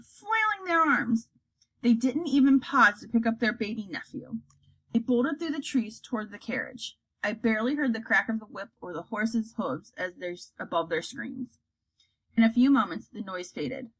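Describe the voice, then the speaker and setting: Female storybook reader, animated and slightly husky, does the character voices herself. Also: fairly high pitch, normal speed, low-quality recording. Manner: acts out characters, lively delivery. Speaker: audiobook reader.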